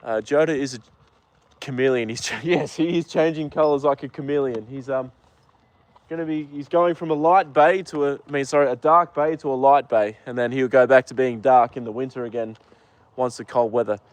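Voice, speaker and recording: A man from Australia with an Australian accent, chatting casually with viewers on a live stream from a horse paddock, relaxed and full of ums and uhs. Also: medium pitch, fairly quick, no echo. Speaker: livestream host with a horse. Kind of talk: casual live chat reading viewer comments.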